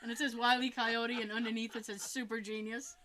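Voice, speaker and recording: A woman's voice: a little high, flat delivery, fast talker, bright, forceful tone. A woman co-hosting a podcast in casual chat, laughing often and telling stories with animation. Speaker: podcast co-host.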